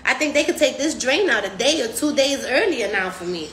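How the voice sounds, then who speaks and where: A woman's voice: high voice, fairly quick, reverberant, a little hiss or hum. A woman hosting a casual live stream, slangy and profane, acting out other people's voices as she talks. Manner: animated, acts out patients' voices. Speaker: recovery house host.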